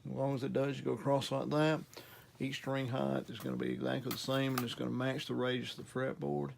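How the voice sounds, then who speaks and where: Brisk and level, a gravelly medium-pitched male voice with a Southern US accent demonstrates a guitar setup for his repair channel. He's easygoing, folksy and pokes fun at himself, and there's slight background noise.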